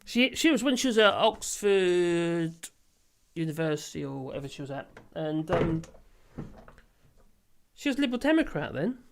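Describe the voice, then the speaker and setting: A livestream host chats casually in a lively voice that swings widely in pitch. The host rambles from thought to thought, laughs often and swears offhandedly. The delivery is loose and unscripted. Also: measured pace, pauses often. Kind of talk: casual live chat.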